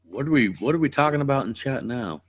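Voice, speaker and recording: A man's voice: medium pitch, animated, quick pace, breathy edge, dry recording. A man with a West Coast American accent chatting casually on a live stream as the channel host, blunt, rambling and cursing freely.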